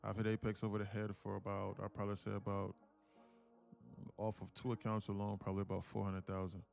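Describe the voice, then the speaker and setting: A man from with a gravelly voice, boasting about his trading and bantering with viewers on a live stream from his home apartment. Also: on the low side, monotone, quick pace, darkish tone. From Atlanta, USA. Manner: boastful, teasing banter with chat. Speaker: day trader streamer.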